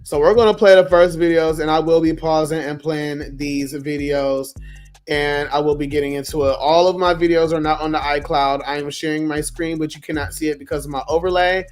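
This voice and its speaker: A hoarse man, losing his voice, venting bluntly and profanely in a casual livestream rant. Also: on the high side, little pitch movement, a little fast, a little mellow, faint music behind. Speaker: livestream host.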